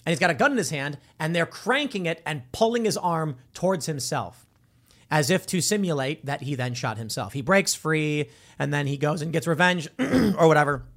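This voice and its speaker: Man, commentary host, lively swooping pitch, a bit high, storytelling monologue. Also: moderate pace. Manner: animated storytelling, acts out quoted voices.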